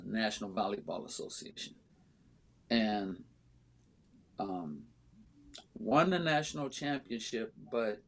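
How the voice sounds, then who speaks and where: A man who owns and coaches a volleyball club, telling a story as a guest in a casual interview, earnest and halting with frequent ums and restarts. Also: on the low side.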